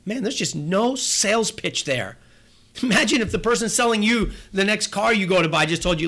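A male pastor delivers a sermon in a church, his voice sitting a bit higher than most men's. He talks in an easy, conversational way, circling back on phrases and acting out small scenes for his listeners. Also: lively intonation, brisk, a bit bright. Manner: conversational preaching with repeated phrases and acted-out asides.

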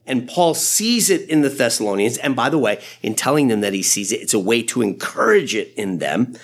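A man who is a pastor, preaching a sermon in an animated, conversational way with frequent asides. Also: medium pitch, brisk.

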